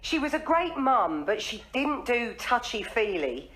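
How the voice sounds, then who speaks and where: An actress playing an earnest, anxious middle-aged wife, speaking in a fretful, self-deprecating sitcom manner. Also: female voice, a little high, very animated, unhurried, fairly bright tone, slight background noise. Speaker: wife and daughter. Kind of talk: sitcom acting.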